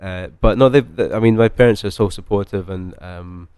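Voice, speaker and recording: A man's voice: low voice, moderate pace, a little mellow, clear, resonant tone, dry recording, studio quality. A man in his forties with a light Scottish accent, a master distiller chatting in a podcast interview, rambling with many fillers and restarts. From Scotland.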